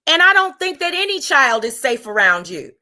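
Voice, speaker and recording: A woman's voice: high-pitched, very animated, bright, forceful tone. A woman hosting a livestream, ranting angrily at a rival in a combative, profane way. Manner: combative, profane, drawn out then rushed. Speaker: livestream host. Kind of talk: angry livestream rant.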